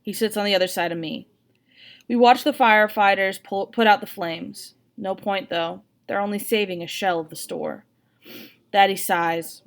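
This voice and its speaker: A woman reads a novel aloud as first-person narration, expressive and steady. Her voice sits at a middle pitch, neither high nor low. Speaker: audiobook reader.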